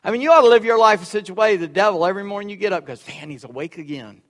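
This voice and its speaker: A male pastor preaching a sermon, swinging between loud emphatic lines and quiet, joking asides. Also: high-pitched, racing. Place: church sanctuary. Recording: echoey hall with long reverb.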